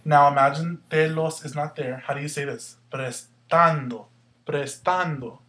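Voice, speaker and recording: Higher-voiced man explaining grammar step by step. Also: level tone, fairly quick, a bit bright. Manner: asks questions and answers them himself; carefully sounds out words to show stress. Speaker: Spanish teacher.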